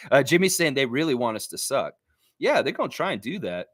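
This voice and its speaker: A man hosting a sports fan livestream, ranting in a heated, animated way. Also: medium pitch, moderate pace, no room sound, studio quality. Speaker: sports fan show host. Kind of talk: casual livestream rant.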